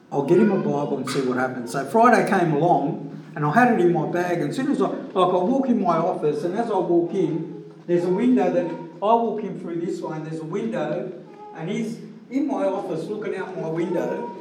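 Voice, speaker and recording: A man's voice: sits high, normal speed. Earnest man telling a story. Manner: earnest, rambling, chatty. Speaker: Christian giving a personal testimony. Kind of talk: casual spoken testimony storytelling. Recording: echoey room from a distance.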